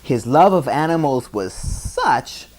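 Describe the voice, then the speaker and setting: A man reading a bedtime story aloud, stopping in a chatty way to explain words and retell parts. His pitch rises and falls in a lively way. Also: slow.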